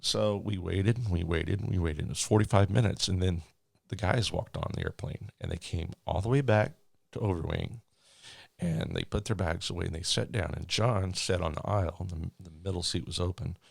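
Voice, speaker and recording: A man working as a flight attendant, telling a story in a rambling, animated way with many restarts. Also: sits low, moderate pace, vocal fry, husky, dry recording. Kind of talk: casual storytelling.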